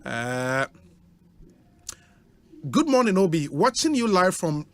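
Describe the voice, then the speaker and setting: A man's voice: high-pitched, sing-song, slow, long pauses. A man with a Ghanaian accent, a radio host reading out listener greetings on air in a chatty way, with interjections between names.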